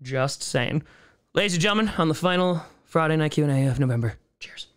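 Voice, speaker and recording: A man in his thirties chats casually on a home live stream, reading viewer comments aloud and riffing on them with sarcastic jokes. His voice sits a little high for a man. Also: lively intonation, a little fast. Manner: jokey, sarcastic, reads chat aloud and riffs on it.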